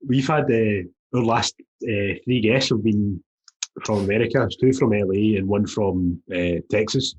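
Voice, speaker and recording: A man's voice: lowish voice, moderate pace, husky, poor audio. A man co-hosting a podcast, chatting bluntly and swearing often. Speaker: podcast co-host. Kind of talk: casual chat.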